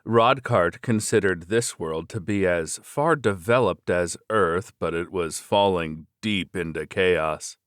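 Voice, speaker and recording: A man narrating a web novel in a steady, measured reading voice. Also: deep voice, no room sound, clean studio sound. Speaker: audiobook narrator.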